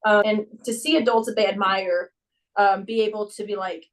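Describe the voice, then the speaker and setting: A young adult woman, a gymnastics coach, talking in a casual conversation and acting out her stories with lively voices. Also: medium pitch, fairly quick, far from the mic, poor audio. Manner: animated storyteller who acts out her own and children's voices. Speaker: gymnastics coach and podcast guest.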